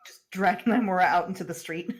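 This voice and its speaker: A woman's voice: on the low side, fairly quick. A woman who plays a tabletop game and chats casually, giggling between lines. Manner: giggly, chatty. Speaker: player.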